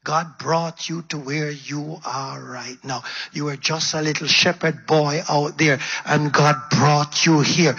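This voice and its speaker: Man, preacher, husky, bright forceful tone, slow dramatic sermon storytelling. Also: a little high, steady tone. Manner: dramatic, acts out the story in quotes. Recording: dull lo-fi recording.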